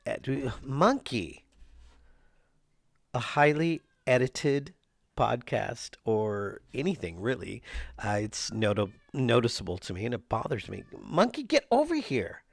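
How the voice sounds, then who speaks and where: Gravelly, profane man rambling at home. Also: medium pitch, slow, no echo. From Southern Oregon. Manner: rambling, profane, restarts mid-sentence. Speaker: podcast host and performing artist. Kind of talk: stream-of-consciousness solo podcast. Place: at home with his cat.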